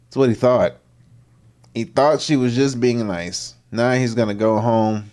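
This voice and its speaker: A man's voice: mid-range voice, a little slow. A man hosting a livestream, chatting casually as he reacts to videos. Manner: animated, voices the people on screen in put-on lines.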